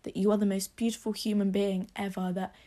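A woman's voice: medium pitch, flat delivery, fairly quick, mellow. A young woman hosting a solo podcast, speaking with emotional, tearful encouragement into a phone propped on her laptop desk. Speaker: podcast host. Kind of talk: heartfelt solo podcast talk.

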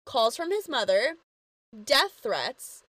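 Woman, podcast co-host, crude, giggly, slightly high voice, dry close recording. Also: big pitch swings, a bit bright, no room sound. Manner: crude, giggly, doing quick impressions. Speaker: podcast co-host recapping a TV episode. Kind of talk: comedic podcast recap.

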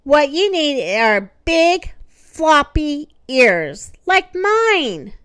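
A woman reading aloud and voicing a ponderous, know-it-all male elephant with a deliberate, pondering delivery. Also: high voice, very animated, fairly bright tone, no room sound, pitched above the performer's own voice, full character voice. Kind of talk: storybook read-aloud.

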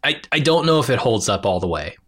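A man chatting casually about a movie in an easygoing, measured way, with some swearing. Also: medium pitch, sing-song, fairly bright tone. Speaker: podcast co-host.

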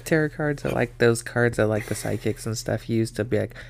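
Gravelly young man with dry quips. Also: medium pitch, a little fast, slight background noise. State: tired. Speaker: podcast co-host. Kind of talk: casual podcast chat.

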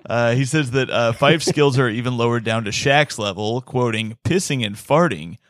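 A man's voice: medium pitch, normal speed, crowd noise. Laughing man reading quotes aloud. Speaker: podcast host. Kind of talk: casual chat.

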